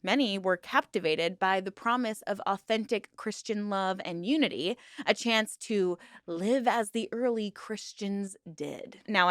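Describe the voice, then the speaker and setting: A woman's voice: medium pitch, no room sound, clean studio sound. An upbeat woman hosting a video series, mixing scripted documentary narration with playful, self-joking chat to viewers. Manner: upbeat, playful, jokes about herself. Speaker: true-crime and cult video host.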